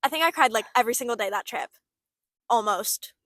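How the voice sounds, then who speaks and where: A woman's voice: fairly high pitch, lively intonation, fairly quick, a bit bright, no echo. A young woman co-hosting a casual chat, reflective and full of "like" fillers. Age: young adult. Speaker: podcast co-host.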